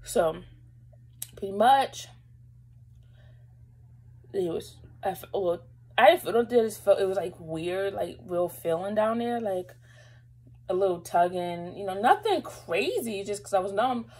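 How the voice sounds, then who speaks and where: A woman's voice: medium pitch, lively intonation, measured pace, long pauses, a little mellow, breathy edge, rough recording. A young woman vlogger telling a personal story to camera in a rambling, casual way, fighting back tears at times. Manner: emotional, holding back tears; rambling, lots of fillers.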